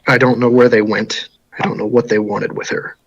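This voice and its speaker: A man telling his part of a tabletop game in character, halting and restarting often. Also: on the low side, flat delivery, husky, dull audio. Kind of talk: in-character storytelling.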